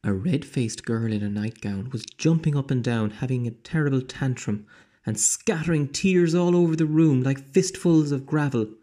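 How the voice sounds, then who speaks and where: A man teacher reading a children's storybook aloud slowly, dropping into dramatic whispers. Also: medium pitch, dark tone.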